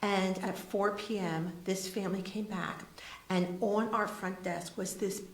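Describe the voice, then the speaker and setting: A woman, a charity CEO, telling a story as a guest on a talk show, lively and acting out voices. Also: mid-range voice, measured pace, roomy sound. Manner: lively, acts out voices in her stories.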